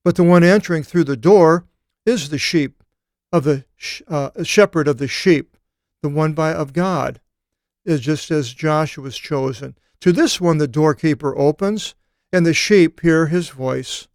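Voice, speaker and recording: A man teaching a Bible study seminar, reading scripture aloud and explaining it, with thoughtful pauses and occasional fillers. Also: on the high side, no echo, clean studio sound.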